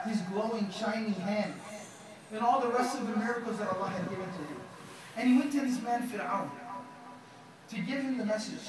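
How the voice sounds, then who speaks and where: Man, preacher, sermon, acted-out quotes, distant mic, audience around. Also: high-pitched. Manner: dramatizing quotes with lively retellings; recites Quranic verses in Arabic. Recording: very echoey hall, mic far off.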